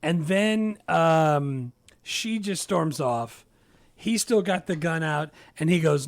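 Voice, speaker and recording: A man co-hosting a casual movie review podcast, excited and acting out quotes from scenes. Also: a little high, unhurried, creaky, no echo. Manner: animated, quotes scenes in put-on voices. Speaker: podcast co-host.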